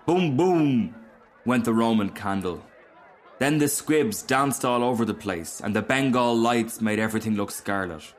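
A man reading a fairy tale aloud as narrator, in a measured, expressive storytelling manner. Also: fairly low pitch.

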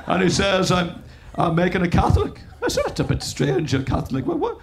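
A bellowing old preacher. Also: male voice, high-pitched, huge pitch swings, brisk, creaky, full character voice. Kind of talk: stand-up impression.

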